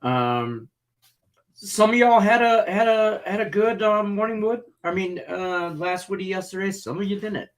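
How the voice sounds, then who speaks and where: A man co-hosts a sports betting talk show in loose, casual chat. His voice sits a little high, and he tells rambling, jokey stories with a lot of animation. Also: measured pace.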